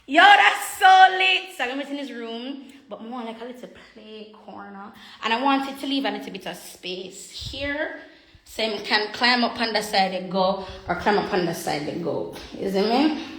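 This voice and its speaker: A woman's voice: medium pitch, moderate pace, fairly bright tone. Chatty woman in an echoey room. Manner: chatty, reads viewer comments aloud. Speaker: livestreamer. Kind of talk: casual livestream chat. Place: home room.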